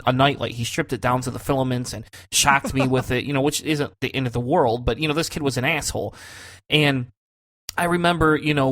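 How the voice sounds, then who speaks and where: A man on a casual podcast telling a long personal story. His voice sits at a middle pitch, and his delivery is loose and conversational. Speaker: podcast co-host. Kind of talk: casual chat.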